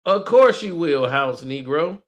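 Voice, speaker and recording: A man's voice: on the high side, lively intonation, measured pace. A man streaming casual reaction commentary, mocking what he reads, swearing freely and laughing often.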